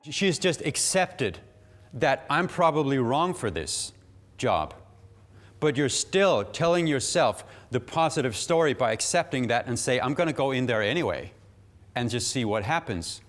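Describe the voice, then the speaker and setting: A man teaching a public speaking workshop, animated and laughing often. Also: medium pitch, a little slow. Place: workshop room.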